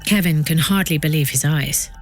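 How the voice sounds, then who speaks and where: A woman narrating a documentary podcast from a script, with a measured delivery that builds suspense. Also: sits low, soft background music.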